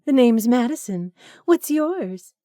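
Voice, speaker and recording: A woman's voice: on the high side, animated, slow, dark tone, no echo, studio quality, pitched above the performer's own voice. A woman voicing a flirty, man-hungry blonde woman who gushes and teases. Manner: gushing, teasing.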